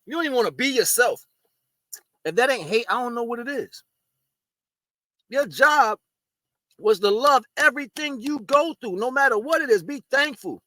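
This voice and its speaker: A man's voice: very high voice, animated, moderate pace, pauses often, pushed and bright, no echo. A man talking casually to camera, giving blunt, streetwise spiritual advice and eating while he talks. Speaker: spiritual video host.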